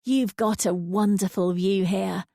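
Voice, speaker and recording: A woman's voice: mid-range voice, fairly even intonation, a little slow, gravelly, mellow, no room sound, studio quality. A woman voicing a polite, slightly hesitant young woman who has just arrived somewhere new. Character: young woman, polite newcomer, a little awkward.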